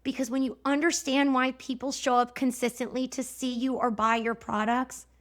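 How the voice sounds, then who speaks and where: A woman in her thirties hosting a podcast, giving a chatty, animated solo talk straight to her listeners. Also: high voice, normal speed. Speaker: podcast host.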